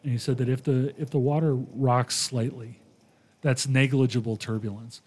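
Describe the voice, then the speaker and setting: Man retelling a story with animated quotes. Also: medium pitch, normal speed, breathy edge. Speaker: podcast host. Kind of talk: casual storytelling chat.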